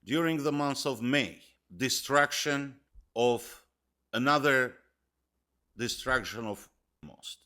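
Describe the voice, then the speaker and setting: A man's voice: medium pitch, slow, long pauses, sharp tone. A man giving a political commentary monologue, emphatic and hammering key words, speaking in broken English phrasing.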